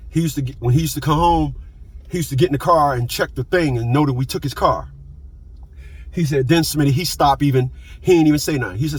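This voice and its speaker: A man's voice: fairly high pitch, fast talker, darkish tone, breathy edge. A man in his fifties telling a story in a blunt, profane casual monologue, repeating himself as he goes. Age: 50s.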